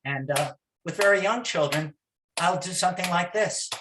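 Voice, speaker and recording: A man with a somewhat high-pitched voice talks about teaching music to toddlers. He speaks haltingly, with plenty of fillers and restarts, and now and then breaks into loud, rhythmic chants to show how it is done. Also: noisy background. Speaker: music teacher giving a talk. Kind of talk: informal lecture with chanting demos.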